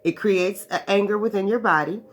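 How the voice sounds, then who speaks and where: A woman with a mid-range voice speaks fairly quickly over a faint hiss or hum. She delivers a preaching monologue, teaching spiritual ideas to her followers in profane, emphatic language and often checking in with "right."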